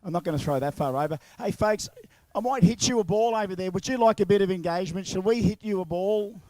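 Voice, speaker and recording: Australian man, high voice, dry close sound, chatty crowd announcer, outdoors with handheld mic. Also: fast, a little mellow, no room sound. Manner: chatty and jokey, calls out to the crowd. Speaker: event announcer. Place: outdoors at a racetrack. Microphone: handheld microphone and horn speaker.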